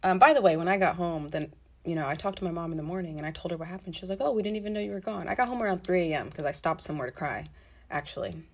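A young storytelling vlogger with a fairly low voice talks very fast about something from her own life. Swearing freely and bluntly, she retells it with energy and keeps adding asides.

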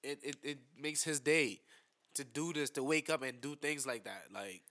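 A man's voice: medium pitch, normal speed, sharp tone. A man co-hosting a podcast in casual chat, blunt and heated, with many fillers and stammered restarts. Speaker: podcast co-host.

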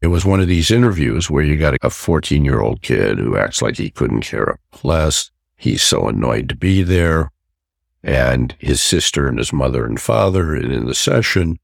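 Older male therapist guest, deep gravelly voice, reflective storyteller. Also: no echo, studio quality. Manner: reflective, acts out quoted voices in his stories. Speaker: interview guest, family therapist. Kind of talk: storytelling in a podcast interview.

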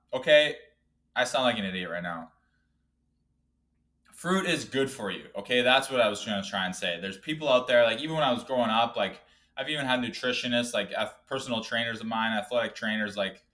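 A man in his twenties hosting his own podcast, rambling and swearing, with loud outbursts that drop to low mumbles. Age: 20s. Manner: profane, rambling, self-deprecating. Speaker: podcast host. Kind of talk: casual solo podcast rant.

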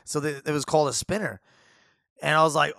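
Animated male storyteller, dry close sound. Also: a little high, quick pace, vocal fry, no echo. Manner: animated, repetitive, restarts phrases. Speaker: podcast host, barber. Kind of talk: casual storytelling chat.

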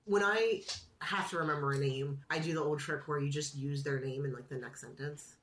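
Low-voiced woman in her thirties chatting. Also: fairly quick, a little hiss or hum. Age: 30s. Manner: chatty, laughs often. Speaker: podcast co-host. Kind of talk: casual chat.

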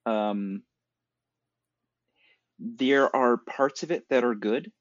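A male co-host of a casual film podcast explains swords knowledgeably, in detail and at length. His mid-range voice is extremely slow, and the recording is dry and dull lo-fi with no room sound.

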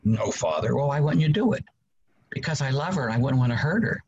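A man's voice: moderate pace, husky, dull audio. A man in his sixties, a priest, telling his story in an interview and acting out quotes with big jumps in voice. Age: 60s. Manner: animated preacher, acts out quotes with big pitch jumps.

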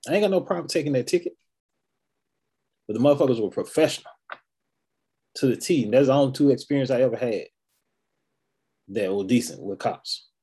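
A man with a husky, mellow voice speaks bluntly in a casual chat. He swears freely and drives his points home by repeating himself. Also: medium pitch, animated, a little fast, pauses often. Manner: blunt, profane, emphatic with repetition. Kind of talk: casual conversation.

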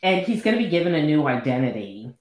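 A woman recapping a novel in a casual book chat, expressive and acting out the characters' lines. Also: low voice, quick pace. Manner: expressive, acts out quoted lines. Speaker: book podcast co-host. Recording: very echoey room.

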